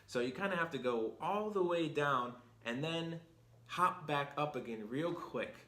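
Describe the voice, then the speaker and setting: Brief: male language teacher, bright tone, patient explainer, echoey room. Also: on the high side, lively intonation, unhurried. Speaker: Chinese teacher and host. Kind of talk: video lesson explanation. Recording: roomy echo.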